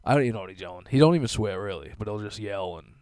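A man's voice: lowish voice, lively intonation, very fast, a little mellow, clean tone, dry recording. A young man telling rambling stories in a casual monologue, swearing often and laughing to himself. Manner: profane, rambling, laughing asides. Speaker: solo vlogger.

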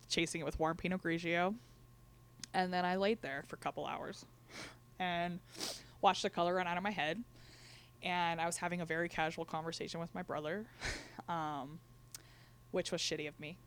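Young woman chatting on a podcast, kinda low voice, laughs a lot, does little voices when quoting people. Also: moderate pace, smooth. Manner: laughs between lines, quotes others in lively voices. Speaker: guest sharing a personal story. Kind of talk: candid conversational storytelling.

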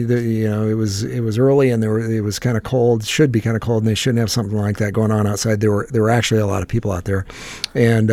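A man telling a casual story full of restarts and repeated words, with swearing and animated quotes. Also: on the low side, vocal fry, no room sound. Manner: profane and animated when quoting people.

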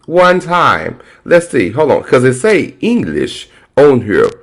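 A man's voice: medium pitch, sing-song, slow, vocal fry. A man hosting a podcast in a casual, sassy, playful way. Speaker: podcast host.

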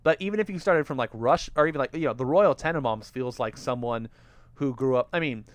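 Man, casual film-chat co-host, smooth tone, dry close mic, playful and chatty. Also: medium pitch, a little fast, no echo. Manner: chatty, laughs often, teasing. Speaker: podcast co-host.

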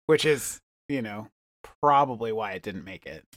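Man, comedy podcast co-host, rambling improvised banter, words trailing into low mumbles, dry close sound. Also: lively intonation, moderate pace, fairly bright tone, no echo.

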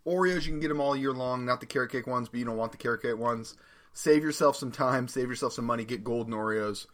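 A man's voice: mid-range voice, fairly bright tone. Laid-back rambling man chatting. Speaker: podcast co-host reviewing snacks. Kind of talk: casual chat.

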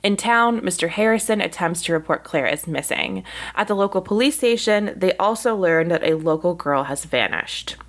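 Woman, podcast co-host, lowish voice, very animated, excitable, laughs easily. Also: normal speed. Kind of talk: casual chat and reading a synopsis aloud.

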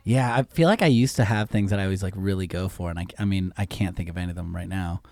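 A man's voice: low-pitched, fast talker, darkish tone, no room sound. A man hosting a podcast, chatting casually in a playful, joking way and laughing often. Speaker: podcast host.

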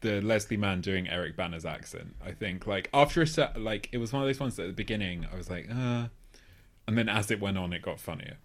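A man co-hosting a casual film talk, animated, with halting restarts. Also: on the low side. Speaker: podcast co-host.

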